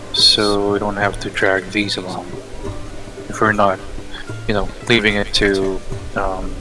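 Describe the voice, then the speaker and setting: A man's voice: fairly low pitch, poor audio. A man playing a tabletop game, thoughtful and hesitant, with lots of ums. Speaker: player.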